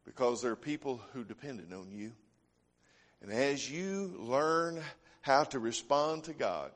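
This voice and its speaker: Folksy preacher, echoing hall. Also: male voice, mid-range voice. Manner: folksy storytelling, homespun phrasing. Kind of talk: sermon. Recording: long hall reverb.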